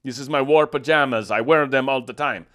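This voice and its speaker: A man's voice: mid-range voice, fairly quick, fairly bright tone, close to an everyday voice. A man doing a mocking impression of a smug male head of state, with a put-on foreign accent. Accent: mock foreign.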